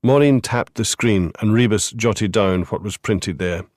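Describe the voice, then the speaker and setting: Low voiced guy narrating a crime audiobook, steady, dry close mic. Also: a little slow, no echo. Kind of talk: scripted narration.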